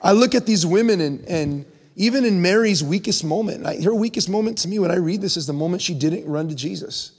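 A young man preaching a conversational sermon, his voice climbing in pitch when he presses a point. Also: fairly quick, few pauses, darkish tone, slightly rough. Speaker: pastor. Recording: long hall reverb.

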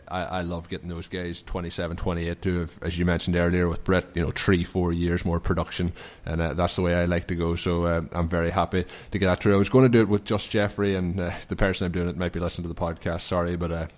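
Guy hosting a podcast, real low voice, talks things through slow and careful. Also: a little mellow. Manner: measured, analytical, explains at length. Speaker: podcast host. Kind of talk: casual podcast chat.

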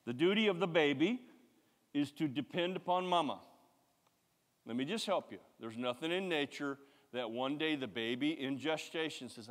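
A man preaching a sermon, emphatic and repetitive, swinging from loud to hushed. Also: medium pitch, moderate pace. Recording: long hall reverb.

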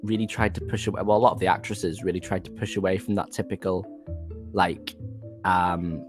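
A man chats as a podcast guest, playful and theatrical. His voice is very low. Faint music plays in the background. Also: steady tone, a little fast. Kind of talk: casual chat.

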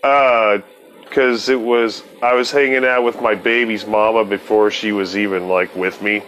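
Man, lowish voice, casual storytelling, rambling, profane, laughs a lot. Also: steady tone, unhurried, a bit bright.

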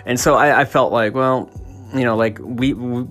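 A man's voice: mid-range voice, steady tone, moderate pace, fairly bright tone, faint music behind. A man ranting casually as a podcast host, swearing and stumbling over restarts and fillers. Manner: profane, stammering restarts and fillers. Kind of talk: casual opinion rant.

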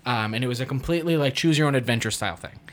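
A man's voice: medium pitch, racing. A male actor telling a funny story in casual conversation, laughing often as he talks. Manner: laughs often, lively anecdote.

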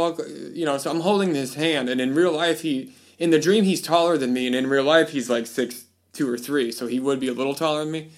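A man's voice: a little high, fast talker, hardly any pauses. A man hosting a podcast, chatting casually and rambling, with lots of fillers and restarts. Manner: puts on voices when quoting people. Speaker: podcast host. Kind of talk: casual chat.

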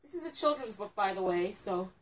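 A woman's voice: medium pitch, expressive, brisk, low-quality recording. A woman co-hosting a casual chat, teasing her partner dryly while reading a children's book aloud to a phone. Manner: dry, teasing. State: just back from the gym.

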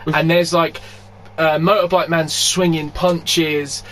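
A man telling a story in casual chat, animated, swearing freely and laughing often. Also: fairly high pitch, takes it slowly, slight background noise.

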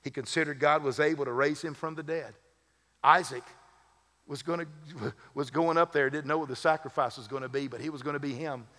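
A man's voice: on the high side, fairly even intonation, brisk, a bit bright. A man serving as lead pastor, preaching a sermon in a conversational way with humorous asides. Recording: long hall reverb.

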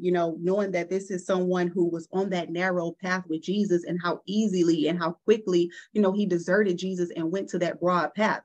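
A young adult woman giving a conversational sermon, earnest and personal, often checking in with the listeners by asking "right?". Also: on the low side. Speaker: guest preacher.

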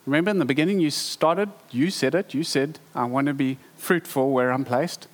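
A man preaching a sermon, emphatic and animated, with rhetorical questions to the congregation. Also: medium pitch, normal speed, in a large hall. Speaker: pastor.

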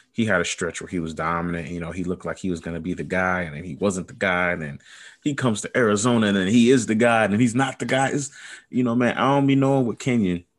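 A man with a deep, low voice co-hosts a relaxed podcast chat. He speaks in an easygoing, slightly hesitant way, with plenty of fillers. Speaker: podcast co-host. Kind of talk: casual fantasy football chat.

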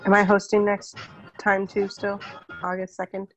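A woman's voice: mid-range voice, completely flat delivery, normal speed, highs cut off, faint music behind. A woman asking a short question on a group video call.

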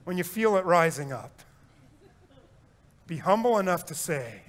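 A man preaching a sermon as pastor, swinging between loud urging and quiet reflection, repeating phrases and joking with the congregation. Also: high-pitched, expressive, a little slow, long pauses. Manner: repeats phrases for effect, jokes and chuckles.

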